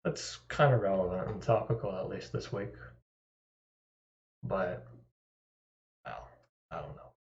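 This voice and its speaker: A man's voice: low-pitched, lively intonation, measured pace, creaky, pauses often. A man chatting casually on his live stream, rambling with self-deprecating asides and chuckles. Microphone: desktop microphone. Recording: echoey, dull lo-fi sound.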